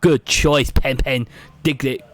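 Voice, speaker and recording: A man's voice: mid-range voice, fairly even intonation, slow, no room sound, faint music behind. A British man streaming live, chatting and joking with his viewers as he ranks favourites on a tier list. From Britain. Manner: chatty, jokey, reads and answers chat.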